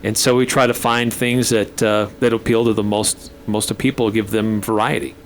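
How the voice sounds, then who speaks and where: A man's voice: lowish voice, level tone, moderate pace, slight background noise. A man on a talk radio program, chatting casually and laughing at himself now and then. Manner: chatty, self-deprecating, laughs often. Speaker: radio station manager guest. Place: radio studio.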